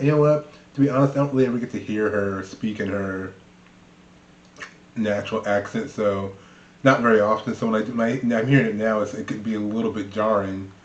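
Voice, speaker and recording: A man casually commenting as he reacts to video clips, rambling with lots of fillers and laughing often. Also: fairly low pitch. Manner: chatty, rambling, laughs a lot, many fillers. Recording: roomy, dull lo-fi sound.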